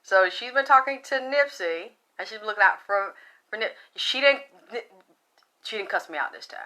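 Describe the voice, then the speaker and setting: A middle-aged woman talks loosely and bluntly, full of profanity and restarts as she rambles along. Her voice is bright and forceful, at an ordinary pitch for a woman. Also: animated, normal speed. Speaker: spiritual talk show host. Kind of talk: casual profane monologue.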